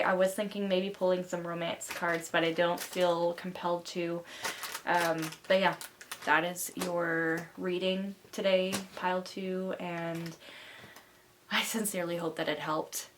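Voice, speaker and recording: Low-voiced woman giving a tarot reading. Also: fairly bright tone, slight background noise. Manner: rambling and reassuring, with many fillers. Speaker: tarot reader. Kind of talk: pick-a-card tarot reading.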